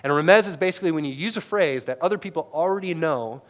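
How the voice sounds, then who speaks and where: A man in his thirties preaching a sermon into a headset mic, his voice sitting a little high for a man. He talks to the congregation conversationally and keeps checking in with "right?". His delivery swings between loud, emphatic peaks and quiet, low asides. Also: fast. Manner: conversational preaching, tags many lines with "right?". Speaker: pastor.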